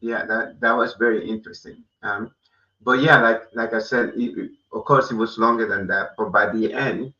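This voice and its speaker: A man hosting a casual chat, speaking haltingly with restarts. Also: fairly low pitch, steady tone, pushed and bright. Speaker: host. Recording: dull, roomy, far from mic.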